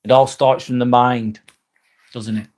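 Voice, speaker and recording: A man's voice: mid-range voice, level tone, measured pace, a little mellow. A man hosting a live stream in a casual, joking way, reading viewer comments aloud and replying with some swearing.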